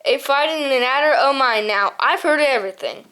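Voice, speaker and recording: A pompous male snowy owl captain holds forth in a storybook reading, as a woman reader puts him on. He is huffy and haughty, pitched lower than the reader's narration yet still fairly high. He treats everyone else as beneath him. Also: moderate pace, bright, forceful tone. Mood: mocking laughter. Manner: huffy, haughty, laughs at others.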